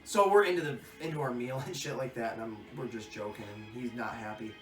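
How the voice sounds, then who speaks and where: A young man co-hosting a podcast, telling stories in a crude, laughing, animated way. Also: medium pitch, a little fast. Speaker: podcast co-host. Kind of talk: casual chat, storytelling. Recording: echoey room, distant mic, faint music.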